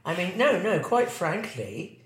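A man's voice: sits high, sing-song, measured pace. Chatty older man, roomy echo. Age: 70s. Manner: rambling, chatty, wry self-mocking humour. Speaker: interview guest, former ballet dancer. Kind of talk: casual interview chat.

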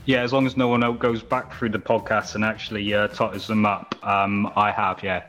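A man co-hosting a casual football podcast, reading out scores in a measured way. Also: fairly low pitch, level tone, fairly bright tone, soft background music. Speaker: podcast co-host.

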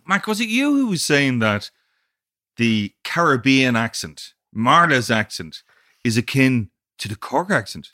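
Male host, expressive pitch, quick to agree and laugh. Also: no echo, clean studio sound. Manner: engaged listener, frequent short agreements and laughs. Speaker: podcast host. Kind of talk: casual conversational podcast.

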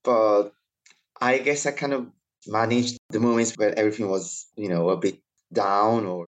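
A man from Italy with an Italian accent, a writer and activist being interviewed as a podcast guest. He speaks in measured, drawn-out phrases, often hedging with fillers. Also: on the low side, fairly even intonation, low-quality recording.

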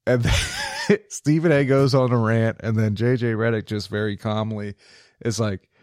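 A man's voice: fairly low pitch, steady tone, measured pace, a little mellow, no room sound. A young man co-hosting a casual sports podcast, blunt and sarcastic, swearing often. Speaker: podcast co-host.

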